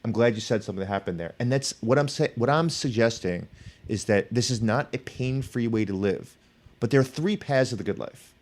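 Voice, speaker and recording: A man's voice: medium pitch, brisk. A middle-aged man, an author and professor, telling stories in conversation and acting out the people in them. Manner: animated, acts out quoted people in his stories. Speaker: author and professor, podcast guest. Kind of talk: storytelling in conversation.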